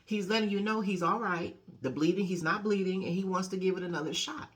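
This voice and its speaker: A woman life coach giving a casual motivational talk, conversational and lively, often adding "you know" and "okay". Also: a little fast. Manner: animated storyteller, acting out quotes with big pitch jumps.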